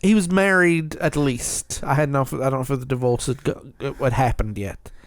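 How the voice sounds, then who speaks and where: A man hosting a podcast, chatting casually in an animated, joking, opinionated way. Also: mid-range voice, moderate pace, dry recording, clean studio sound. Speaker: podcast host. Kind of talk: casual chat.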